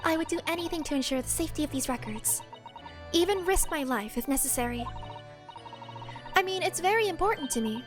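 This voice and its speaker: A woman's voice: high-pitched, animated, brisk, pauses often, pitched above the performer's own voice. A woman voicing a polite, devoted young female legal assistant in a game dub. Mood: earnest. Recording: game music behind the voice.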